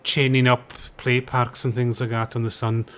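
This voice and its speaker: A man's voice: medium pitch, little pitch movement, normal speed, fairly bright tone. A man, interviewing and explaining informally, with lots of fillers. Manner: informal, uses fillers like "kinda". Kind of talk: explaining in conversation.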